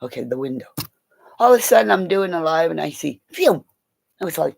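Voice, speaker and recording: Deep and gravelly, a middle-aged woman talks a little fast while livestreaming rambling tales about animals. She laughs a lot, swears freely and keeps leaping between stories with excitement. The recording quality is low.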